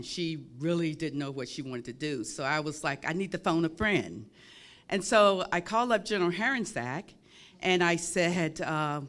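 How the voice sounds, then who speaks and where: A woman moderating a panel, asking questions in a measured way with a few fillers. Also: deep voice.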